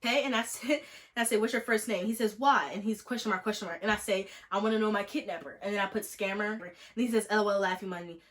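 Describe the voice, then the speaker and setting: Fast-talking animated woman in her twenties. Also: medium pitch. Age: 20s. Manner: animated, jokey, acting out text exchanges. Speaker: vlogger. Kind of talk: casual storytime vlog.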